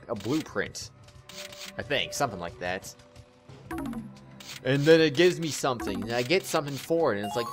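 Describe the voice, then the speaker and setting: A young man talks over his own game footage in a loose, rambling way, stumbling over his words and laughing at himself. His pitch swings widely from low mutters to bright bursts. Faint music plays underneath his voice. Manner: rambling, self-mocking, laughs often, stammers and restarts. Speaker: gaming channel host. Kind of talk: casual post-recorded game commentary.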